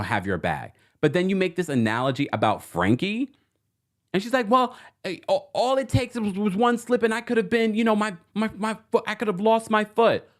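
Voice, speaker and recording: A man hosting a livestream recap of a reality show, talking in a sassy, animated way and addressing the cast members directly. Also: medium pitch. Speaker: podcast host.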